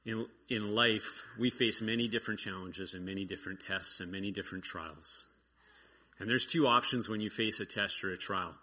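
A man's voice: fairly low pitch, normal speed, bright, forceful tone. A man giving an informal testimony at a church meeting, telling an everyday story earnestly and often restarting his sentences. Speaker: church member sharing a testimony.

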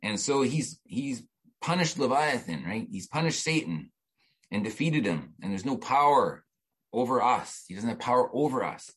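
Middle-aged guy preaching, husky voice, chatty sermon with lots of restarts. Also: mid-range voice, big pitch swings, moderate pace, a bit bright, low-quality recording. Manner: conversational preaching with many restarts and asides. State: emotional, near tears while reading. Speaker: pastor.

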